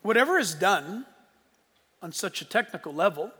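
A man's voice: high voice, very animated, moderate pace, breathy edge, big-room sound. Earnest older male pastor preaching. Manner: earnest storytelling, swinging from hushed to emphatic. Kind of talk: sermon.

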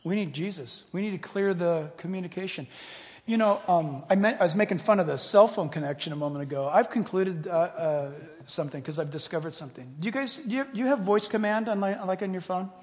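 An older male pastor with a very high voice delivers an animated sermon, jumping from loud exclamations to quiet, hushed asides. His voice rings out with a long reverb in a large hall. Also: fairly quick.

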